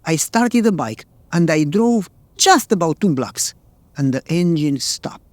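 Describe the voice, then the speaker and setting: A man's voice: on the high side, sing-song, unhurried, a little mellow, no echo. A male pastor preaching a sermon, telling a story in plain, earnest words.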